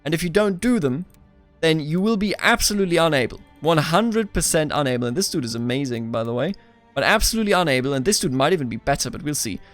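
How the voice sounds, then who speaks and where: A man's voice: fairly high pitch, lively intonation, fast talker, faint music behind. A young man giving casual, playful gameplay commentary as the host, chatting back at the characters on screen. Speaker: let's play host.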